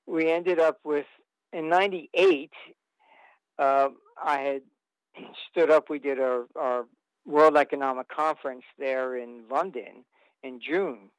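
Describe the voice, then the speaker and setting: Man, interview guest, long rambling anecdotes, slightly high voice, smooth tone, frequent fillers. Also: steady tone, slow, dry recording, low-quality recording.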